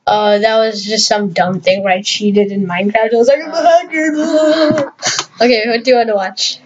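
A woman's voice: mid-range voice, fairly even intonation, a little fast, lo-fi sound, noisy background. A woman hosting a casual reaction video, laughing and cringing at her own old clips in a playful, embarrassed way.

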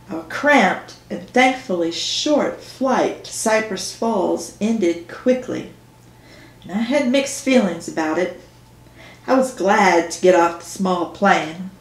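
A woman reads her own novel aloud in first person, slow and measured. Her voice sits in the middle of the range. The room around her is echoey. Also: mid-range voice. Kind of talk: first-person audiobook reading on camera.

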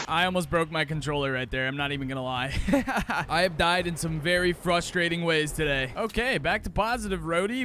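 A young man giving casual gameplay commentary, excitable and talking to himself and his viewers as he plays. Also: high-pitched, a little hiss or hum. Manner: excitable, talks to himself and viewers while playing. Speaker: gaming creator. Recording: game music and gunfire behind voice.

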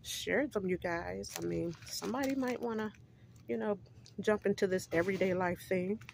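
Woman vlogger, mid-pitched, friendly and chatty, winded from walking, recorded on a handheld phone with faint noise. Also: moderate pace, vocal fry. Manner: chatty, affectionate, addresses viewers as you guys. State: out of breath from walking. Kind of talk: casual vlog chat to viewers. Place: outdoors walking, then inside a discount store. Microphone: phone held in hand.

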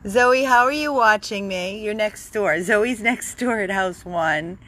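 A woman hosting a casual live stream from her dog rescue, using gentle baby talk with her dog and chatting with viewers. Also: medium pitch, measured pace. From Florida. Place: home with dogs, indoors and out.

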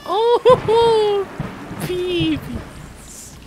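A woman giving excited let's play commentary, gushing and giggling with lots of delighted exclamations. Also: very high-pitched, extremely slow, heavy background noise. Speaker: gaming YouTuber.

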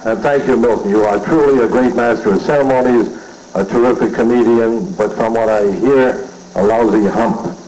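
A man's voice: mid-range voice, moderate pace, dark tone, highs cut off, a little hiss or hum. A man comedian delivering insulting, bawdy one-liners at a roast on a banquet dais. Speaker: roast speaker. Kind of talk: stand-up roast.

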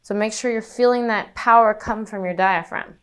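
Give me a woman singing teacher with a smooth, resonant voice, explaining breath control step by step. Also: mid-range voice, fairly even intonation, moderate pace. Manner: instructive, demonstrating breath exercises aloud. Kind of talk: vocal lesson demonstration.

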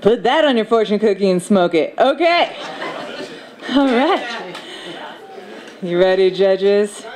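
The host of a live poetry slam, calling out judges' scores in a jokey, unhurried way. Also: medium pitch, lively intonation. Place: bookstore event with a loud crowd. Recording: loud crowd and noisy room.

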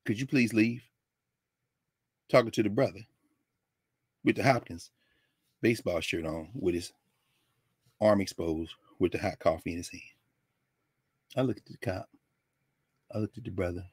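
An older man from Tennessee telling a personal story in a lesson, animated and acting out the people he quotes. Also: low voice, normal speed, long pauses, husky, dry recording, studio quality. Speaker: lecturer.

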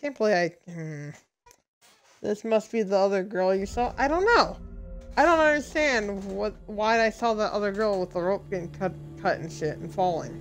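A woman's voice: mid-range voice, moderate pace. Exasperated swearing young woman gamer. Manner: exasperated, swearing, talking to the screen. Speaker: gaming video creator. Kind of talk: live gameplay commentary. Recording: voice over game audio with music. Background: game music.

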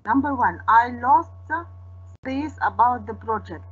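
A woman's voice: a little high, animated, unhurried. A woman co-hosting an online English class, reading out student answers and encouraging them by name. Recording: dull lo-fi stream audio with faint music.

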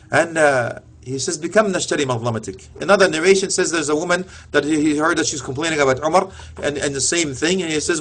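A man's voice: high voice, fairly bright tone. A man giving an emotional Islamic lecture, retelling stories with passion and sprinkling in Arabic phrases. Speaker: preacher.

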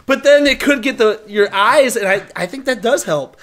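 Man, high pitch, animated, jokey, casual podcast chat. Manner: animated, jokey, quick to laugh. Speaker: podcast co-host. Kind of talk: casual movie review chat.

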